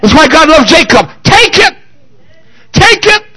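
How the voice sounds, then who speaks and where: A man preaching a sermon as pastor, shouting lines out to the church and calling for responses, then dropping to low, quiet asides. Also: sing-song, unhurried, poor audio.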